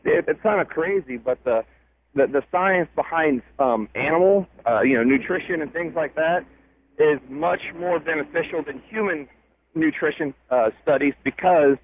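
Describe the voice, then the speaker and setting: Guy calling in on a tinny phone line, slightly high voice, explains stuff kinda haltingly. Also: slight background noise. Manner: explanatory, halting, many restarts. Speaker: caller. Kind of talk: call-in radio chat. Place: state fairgrounds.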